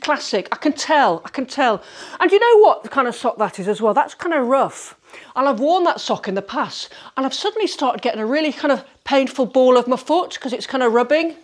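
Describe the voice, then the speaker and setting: A woman's voice: sits high, lively intonation, a little fast. A middle-aged woman, chatting through a declutter vlog as she sorts socks in her bedroom, exclamatory and self-mocking. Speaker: home organising vlogger. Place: bedroom, sorting socks on a bed.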